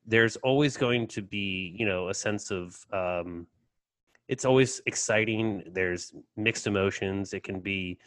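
A man's voice: on the low side, unhurried, a bit bright, no echo, studio quality. A man co-hosting a casual chat over a video call, joking and telling stories with animation. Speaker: podcast co-host.

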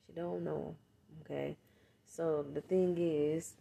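A woman with a low, gravelly voice tells a casual vlog story straight to her viewers. She curses freely and swings from quiet, muttered asides to loud, heated bursts. There is a faint hiss of background noise. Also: steady tone, slow pace. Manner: talks straight to viewers, with frequent cursing. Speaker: vlogger and mother.

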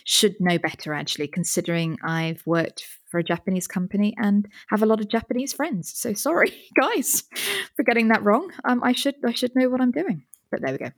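A woman's voice: medium pitch, animated, brisk, no room sound. A British woman co-hosting a podcast, chatting enthusiastically into a studio mic with a pop filter and often restarting her sentences. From Britain. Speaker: podcast co-host. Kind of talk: casual chat. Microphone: studio microphone with pop filter.

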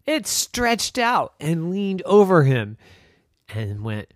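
A man narrating an improvised children's story in an animated, playful way. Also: medium pitch, moderate pace, no echo, studio quality.

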